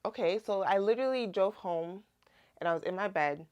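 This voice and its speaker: With a medium-pitched, clean-toned voice that runs a little fast over dull audio, a young Christian vlogger tells her testimony casually. She is chatty and animated, filling the story with "like"s.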